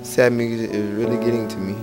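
Speaking fast at medium pitch with little movement in his voice, a gaming channel host talks through his gameplay. It's a casual, rambling, playful let's play in which he chats to the characters on screen, accompanied by faint game music.

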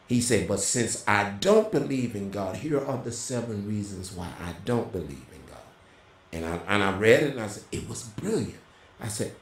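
A middle-aged man telling a personal testimony in a casual, animated way, as a co-host. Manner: animated storyteller, voice jumps high when quoting. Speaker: prophet and co-host. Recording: roomy echo.

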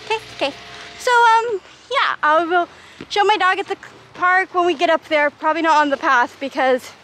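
A woman's voice: very high-pitched, moderate pace, sharp tone. A woman casually vlogging to a handheld camera outdoors, chatty and rambling, laughing often. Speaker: service dog handler vlogger. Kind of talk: casual vlog talking to camera. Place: outdoors at a park, later indoors at a mall. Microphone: handheld camera with wind muff.

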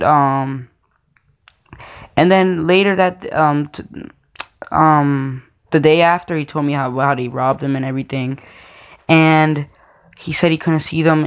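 A man's voice: on the high side, fairly even intonation, measured pace, smooth. A man telling a personal story in a casual, slangy, rambling way, with many fillers and restarts. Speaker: storytime vlogger.

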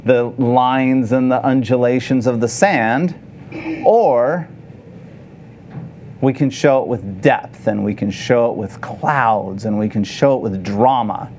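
A man teaching photography to a live audience, conversational and animated, often asking the room questions. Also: medium pitch, slight background noise. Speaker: photography instructor. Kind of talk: live workshop lecture.

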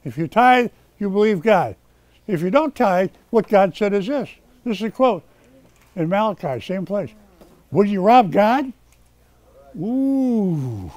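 Male pastor, high pitched, preaching sermon; scolds, then prays softly. Dry sound. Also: lively intonation, normal speed, dry recording. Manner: scolding, swings from loud rebuke to quiet prayer. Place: rescue mission chapel.

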